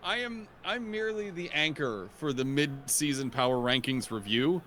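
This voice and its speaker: A man's voice: medium pitch, lively intonation, normal speed, sharp tone, a little hiss or hum. A man working as color analyst on a live sports stream, talking modestly and hesitantly with many fillers.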